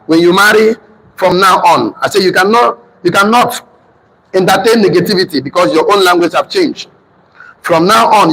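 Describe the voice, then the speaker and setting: A Nigerian-accented man leads a motivational class with a high, ringing voice. He talks emphatically, repeats his points and drills the room in call-and-response. A faint hiss of noise sits under him. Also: fairly bright tone, low-quality recording. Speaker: motivational teacher.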